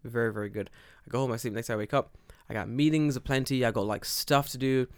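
Animated, profane young man telling stories. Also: mid-range voice, quick pace, clean tone, no room sound, clean studio sound. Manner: animated, profane, acts out quoted dialogue. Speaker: podcast co-host. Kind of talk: casual storytelling chat.

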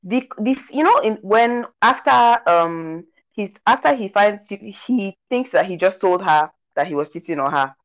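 A woman's voice: mid-range voice, measured pace, hardly any pauses. Woman podcast co-host, casual film chat, acts out scenes, slightly dull lo-fi audio. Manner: animated storytelling, acts out scenes. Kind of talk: casual movie review chat.

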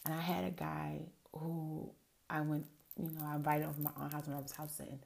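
Woman, middle-aged, low pitch, gravelly voice, solo podcast host, chatty storyteller, talks straight to listeners. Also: little pitch movement, a little fast, darkish tone. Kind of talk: casual solo podcast monologue.

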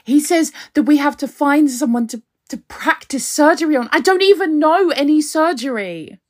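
Actress as a jittery young woman, slightly high voice, hesitant. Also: expressive, normal speed. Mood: panicked. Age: young adult. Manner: hesitant and soft, breaking into panic. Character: nervous young woman in danger.

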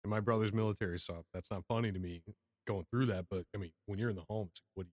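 A man's voice: lowish voice, steady tone, fast talker, darkish tone, no room sound. A man co-hosting a casual podcast who laughs often and tells his own sales stories in an easygoing way. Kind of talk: casual chat.

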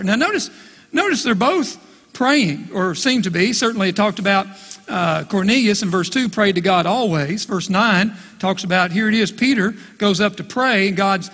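A man with a very high, bright pastor's voice and a husky edge, preaching in a folksy, emphatic way. His words ring out with a long reverb, as if from a church hall. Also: expressive, moderate pace. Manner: folksy, emphatic, repeats "listen" and "right?". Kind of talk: sermon. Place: church sanctuary.

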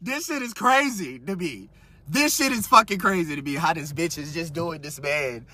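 Young guy podcast host, crude animated rant, bright voice, dry close mic. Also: a little high, normal speed, dry recording. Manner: crude, animated, keeps asking rhetorical questions. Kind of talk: casual comedic rant.

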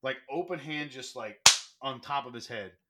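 A man who is a professional wrestler, telling lively anecdotes as a guest in a casual interview. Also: mid-range voice, normal speed, very noisy. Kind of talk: casual storytelling.

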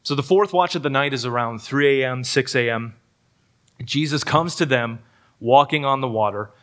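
A man's voice: medium pitch, normal speed, a bit bright. Earnest preacher man with a middle voice. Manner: earnest, with self-deprecating humor and frequent word repeats. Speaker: pastor. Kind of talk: sermon. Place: church service.

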